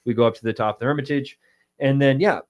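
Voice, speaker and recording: A man's voice: mid-range voice, fast talker. Thirties american guy telling a story on a podcast, acts out the voices, casual chat. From United States. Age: 30s. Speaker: podcast co-host.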